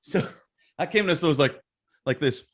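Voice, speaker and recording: A man's voice: a little high, fairly quick. A middle-aged man from Scotland, telling stories in a casual interview and acting out what others said. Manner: animated, acts out quoted voices. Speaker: interview guest. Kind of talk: casual storytelling.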